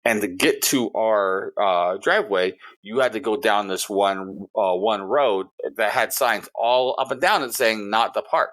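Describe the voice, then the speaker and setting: A man's voice: fairly low pitch, measured pace, hardly any pauses, fairly bright tone. A man co-hosting a casual podcast, telling a story in a heated, profane way. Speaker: podcast co-host.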